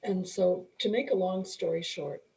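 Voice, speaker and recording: A middle-aged woman, a coach and author, telling her story as a guest in an interview, earnest and unhurried, often restarting and clearing her throat. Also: on the low side, darkish tone, poor audio.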